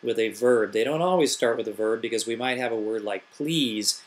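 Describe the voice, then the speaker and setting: At a moderate pace and medium pitch, a middle-aged man who teaches elementary school gives a grammar tutorial to his class. He goes step by step with patience, peppering the explanation with rhetorical questions.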